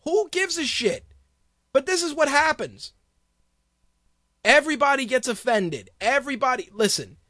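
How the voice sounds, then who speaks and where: A man's voice: very high voice, expressive, moderate pace, long pauses, pushed and bright, no echo, studio quality. A man hosting a podcast, ranting bluntly and crudely in a heated, profane monologue. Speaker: podcast host.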